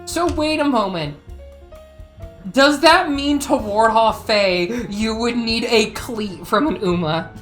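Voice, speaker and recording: A woman streaming while she draws, chatting casually, giggly and excitable and laughing often. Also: a little high, slow pace, faint music behind. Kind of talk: casual chat.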